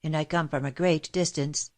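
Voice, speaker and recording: A woman reading aloud, voicing an exhausted, thin, wary man who speaks low and hesitantly. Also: fairly even intonation, normal speed, a little mellow, natural voice. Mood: weary.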